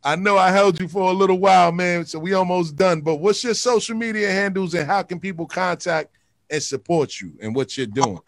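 A man's voice: high voice, fairly quick, dry recording. A man hosting a casual interview, laid-back, with short slangy reactions. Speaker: interviewer host.

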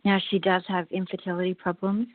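A woman from the UK with a British accent, calling in to a radio show to ask an earnest, polite question, halting now and then. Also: on the low side, flat delivery, dry recording. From United Kingdom. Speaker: caller. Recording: narrow phone-line sound, dry.

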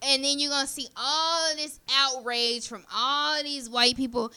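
Bright-voiced blunt woman podcaster. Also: high-pitched, steady tone, normal speed. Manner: blunt, provocative, joking. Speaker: podcast co-host. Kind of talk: casual chat.

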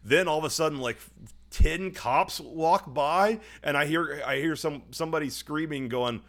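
A young man on a podcast, telling a long story casually, swearing often and putting on quick voices for the people in it. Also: a little high, vocal fry, a bit bright. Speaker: podcast co-host. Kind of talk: casual chat.

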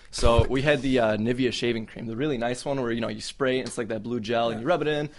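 Young male podcaster, casual, profane storyteller, average pitch. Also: fairly even intonation, fast talker, few pauses. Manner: profane, laid-back, laughing through the story. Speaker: podcast co-host.

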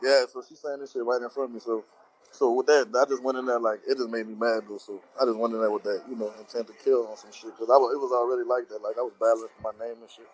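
A man's voice: mid-range voice, little pitch movement, fast, rough recording. A man with a New Orleans accent, a battle rapper guest on a video call, talking in laid-back slang from a restaurant. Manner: laid-back slang, many "you hear me" tags. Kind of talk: casual video call chat.

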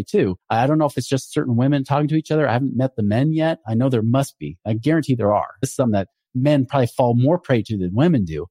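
A man talks about money in a casual, emphatic way, his pitch rising and falling with lively swings. His voice is mellow and warm, and the recording is dry and close. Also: dry recording. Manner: animated, emphatic, acts out quoted people. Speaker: podcast host and financial advisor. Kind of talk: casual explanatory talk.

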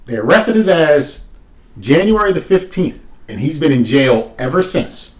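A man tells a story in casual chat, throwing in swearing and dry asides. His pitch sits a little high and swings widely as he talks. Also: a little slow. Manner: animated, profane, wry storytelling with asides.

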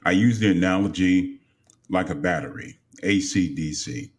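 Deep-voiced male radio host. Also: normal speed. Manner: agreeable, affirming interjections. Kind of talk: casual interview.

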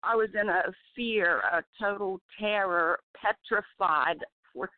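A woman giving an emotional personal testimony by phone, halting and often restarting her sentences. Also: mid-range voice, no room sound. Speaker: testimony guest. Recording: dry tinny phone line.

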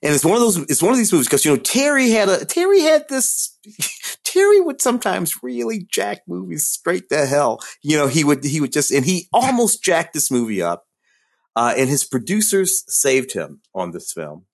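A man co-hosting a casual film discussion, rambling with halting restarts. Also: on the high side, sing-song, gravelly. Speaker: podcast co-host.

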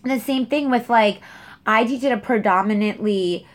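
A woman's voice: fairly high pitch, normal speed. A young adult woman who teaches dance, talking casually with frequent fillers and restarts. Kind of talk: casual chat.

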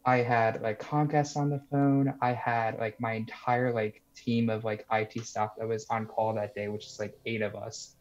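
A man's voice: fairly low pitch, little pitch movement, moderate pace, hardly any pauses. A young man calling in to tell a story in a casual, rambling way, full of "like" and "you know". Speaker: caller sharing a story. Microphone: video call. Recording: muffled lo-fi call audio.

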